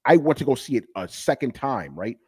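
A middle-aged man talking as a podcast guest in casual, animated chat, emphatic and swearing freely. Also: medium pitch, fairly quick, husky, dry recording.

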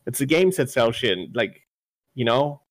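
A man's voice: medium pitch, big pitch swings, a little slow, dry recording. A man chatting casually about video games, loose and full of fillers, swearing freely. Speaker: podcast co-host. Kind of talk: casual gaming chat.

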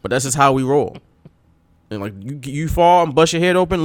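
Telling lively tales on a casual wrestling podcast he co-hosts, a man loudly acts out what people said. His voice is a little high and a little fast, captured in clean studio sound with no echo.

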